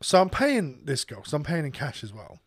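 A man's voice: a little high, wildly swooping pitch, fairly quick, dry recording, clean studio sound. Sweary man telling an angry story. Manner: heated, sweary storyteller who acts out the people in his story. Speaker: podcast co-host and radio presenter. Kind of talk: casual chat, ranting anecdote.

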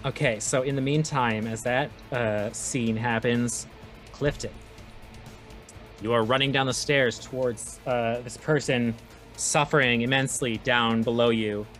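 A man narrating a tabletop horror game as game master. He talks in a loose, casual way, full of filler words, and speeds up when he explains the rules. His voice sits at a middle pitch with faint music behind it. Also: fairly even intonation, unhurried, fairly bright tone.

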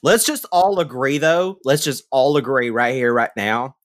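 A man hosting a podcast in casual chat, animated and jokey with mock-dramatic flair. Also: medium pitch, normal speed, dry recording, clean studio sound. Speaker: podcast host.

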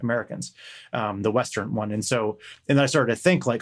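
A man's voice: medium pitch, steady tone, fairly quick. A man in casual chat, telling a meandering story and swearing now and then.

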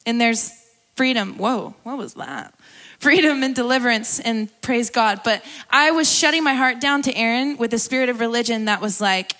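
A young woman gives a personal testimony at a church gathering, her voice bright and forward. She talks in a loose, conversational way, laughs easily, and sounds close to tears at times. Her pitch sits a little high. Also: normal speed. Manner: candid, conversational, laughs often, tearful at times. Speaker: guest speaker at a church gathering.

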